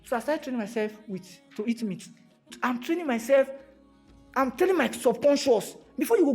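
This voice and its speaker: A Nigerian man giving a motivational talk to a live audience, animated and fond of repeated rhetorical questions, slipping into pidgin. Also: very high-pitched. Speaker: motivational speaker.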